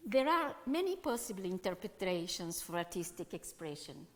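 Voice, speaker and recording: A woman music educator giving a conference talk, with halting, non-native phrasing, often turning to question her audience. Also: lowish voice, very animated, fairly bright tone. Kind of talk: conference presentation. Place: conference hall. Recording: long hall reverb.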